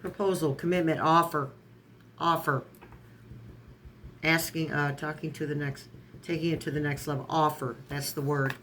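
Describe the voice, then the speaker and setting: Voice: medium pitch, fairly even intonation, moderate pace, pauses often, fairly bright tone, slight background noise. A tarot reader in a casual online reading who strings card keywords together, stumbles and corrects words, and adds sarcastic asides.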